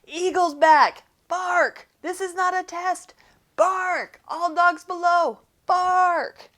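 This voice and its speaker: A woman voicing a loud, proud male prairie dog watchdog in a storybook read-aloud, barking out alarms. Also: extremely high pitch, steady tone, slow, pitched above the performer's own voice, heavily acted. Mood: alarmed.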